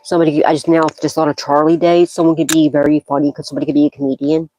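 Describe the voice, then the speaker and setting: A woman's voice: low-pitched, little pitch movement, very fast, warm tone, slight background noise, low-quality recording. A woman gives a psychic tarot reading as a loose, casual monologue. She is blunt and profane, scolding freely and breaking into bursts of laughter as she talks.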